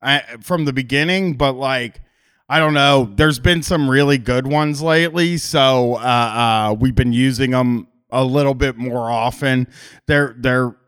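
A man's voice: medium pitch, a little slow, fairly bright tone, clear, resonant tone. A man talks casually on his podcast, wandering through a story with plenty of restarts and offhand swearing. His voice sits in an ordinary middle register. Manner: rambling, frequent restarts and swearing. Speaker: podcast host.

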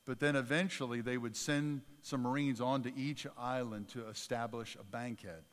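A man's voice: mid-range voice, fairly even intonation, normal speed. A man preaching a sermon as pastor, talking conversationally with repetitions and climbing to emphatic peaks. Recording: church hall with long reverb.

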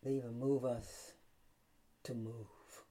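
A woman preaching a sermon, swinging from loud cries to hushed whispers. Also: extremely low pitch, little pitch movement, slow pace.

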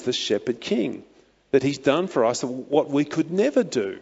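A man's voice: medium pitch, a little mellow. A man preaching a sermon as pastor, earnest and emphatic, his voice lifting on key phrases. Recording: muffled, long hall reverb.

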